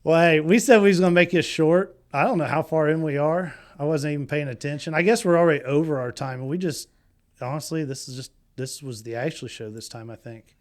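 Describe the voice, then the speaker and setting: A man's voice: a little high, fairly quick. Blunt teasing male podcast co-host. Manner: blunt, teasing, restarts sentences. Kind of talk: casual local podcast chat.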